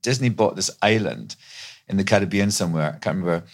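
A middle-aged Scottish man, a guest actor, rambles through stories in casual chat, restarting often. His voice is low and gravelly, and he talks fast.

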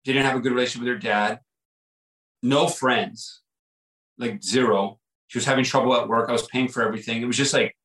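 A man's voice: medium pitch, steady tone, fairly quick, fairly bright tone, reverberant, rough recording. A man guest on a podcast, telling a personal story in an earnest, reflective way, often repeating himself and saying "like" and "right?".

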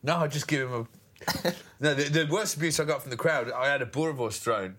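An English man co-hosting a cricket chat, telling lively stories and mimicking crowd voices. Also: fairly high pitch, fairly quick. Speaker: cricket podcast co-host, former England player. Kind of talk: casual chat.

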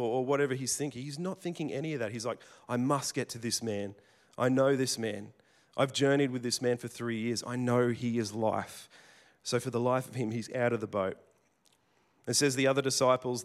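A man preaching a sermon in a conversational storytelling way, with casual restarts and asides. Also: medium pitch. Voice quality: plain working tradesman's speech.

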